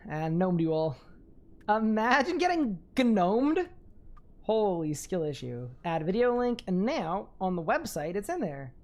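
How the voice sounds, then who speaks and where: A young woman giving live gaming commentary on a stream, talking to chat, excitable and quick to laugh. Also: medium pitch.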